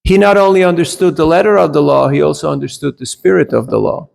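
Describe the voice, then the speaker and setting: A man leading a scripture class tells anecdotes conversationally, often checking in with his listeners and briefly switching into German. His voice is on the high side, creaky and a little mellow, at a quick pace.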